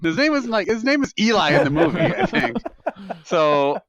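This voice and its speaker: A man co-hosting a podcast speaks at normal speed in a high-sitting voice with big pitch swings, laughing often at the rambling, funny stories he tells in casual chat. A noisy crowd is audible, though the mic itself sounds dry and slightly dull.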